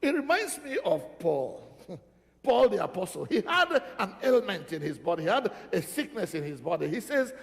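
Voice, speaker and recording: A man's voice: high-pitched, sing-song, moderate pace, vocal fry. A man preaching a sermon as pastor, emphatic and repeating phrases for stress. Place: church sanctuary. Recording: reverberant church hall.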